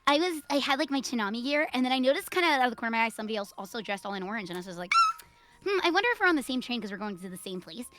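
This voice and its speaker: High quick woman guest, chatty storyteller, noisy background. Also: animated. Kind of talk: casual stream chat. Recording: noticeable background noise.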